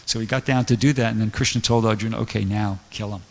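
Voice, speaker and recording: A man with a gravelly, creaky voice gives a loose, rambling scripture lecture, full of fillers and restarts. His talk rings out with the long reverb of a temple hall. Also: on the low side, fairly even intonation, quick pace. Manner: rambling storytelling with many fillers. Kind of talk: casual scripture class.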